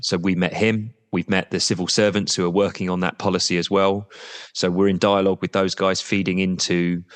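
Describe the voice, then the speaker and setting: A man's voice: low-pitched, a bit bright, long reverb tail. A man representing a football supporters' trust as a podcast guest, talking candidly and at length, with the odd blunt swear word.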